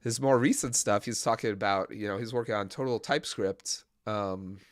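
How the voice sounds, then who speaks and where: A man's voice: lowish voice, moderate pace, no echo, studio quality. A man co-hosting a casual web development livestream, rambling with frequent laughs, fillers and restarts. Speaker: co-host.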